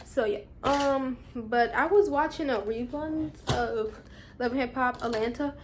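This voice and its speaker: A woman in her twenties, a vlogger casually chatting and rambling through a recap with quick asides. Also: sits high, slight background noise. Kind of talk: casual chat.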